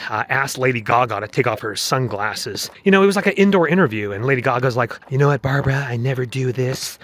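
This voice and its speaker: A man talks straight to his handheld camera while out on a forest trail. He rambles and chats casually, full of fillers and side thoughts, at an everyday middle pitch. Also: fairly bright tone. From United States. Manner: rambling, chatty, with frequent fillers and asides. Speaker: travel vlogger. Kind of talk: casual vlog narration while hiking.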